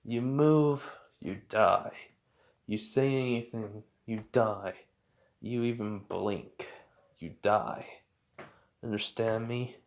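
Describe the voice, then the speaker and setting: A cold young assassin from a spoken fan story, issuing slow, clipped threats, as a man puts him on. His voice drops low and quiet, menacing rather than loud.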